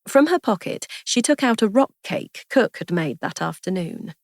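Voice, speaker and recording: A woman narrating a story aloud in an even, measured storytelling manner. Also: mid-range voice, no echo, studio quality. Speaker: audiobook narrator.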